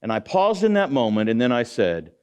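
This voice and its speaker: A man's voice: medium pitch, sing-song, fairly quick, darkish tone, smooth. A middle-aged man giving a motivational speech in an auditorium, preaching and calling out to the audience with rhetorical questions. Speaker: guest speaker.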